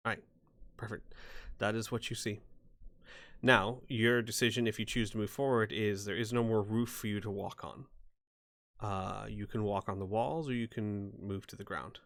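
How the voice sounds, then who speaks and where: A man narrating a tabletop game as game master, describing scenes in an unhurried way with frequent ums and uhs. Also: lowish voice, fairly even intonation, fairly bright tone.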